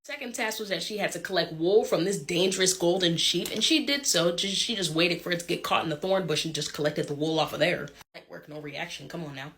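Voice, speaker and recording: A woman's voice: fairly low pitch, fairly quick, hardly any pauses, fairly bright tone. A woman casually retelling a myth with slang and joking asides. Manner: chatty, irreverent, joking asides. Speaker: storyteller.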